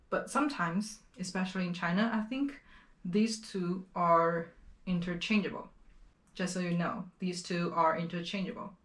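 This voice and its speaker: A woman teaching a language lesson, explaining words and repeating pronunciations slowly and clearly. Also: medium pitch, reverberant.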